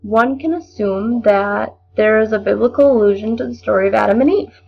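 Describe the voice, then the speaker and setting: A young woman giving a measured, explanatory spoken analysis of a poem as a lesson. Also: mid-range voice, gravelly, a little hiss or hum. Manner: measured, explanatory, occasional restarts. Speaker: student presenter. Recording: dull lo-fi recording.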